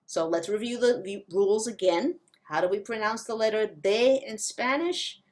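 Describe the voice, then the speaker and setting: A woman teaching Spanish pronunciation, slowly modeling words for learners to repeat. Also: mid-range voice, a little mellow. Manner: slow, careful modeling of pronunciation. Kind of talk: language lesson.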